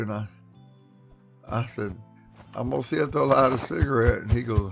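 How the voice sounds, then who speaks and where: Man, gravelly and mid-pitched, telling folksy stream stories with faint music behind. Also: normal speed. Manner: folksy, laughs often, acts out his quotes. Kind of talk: casual storytelling on a live stream.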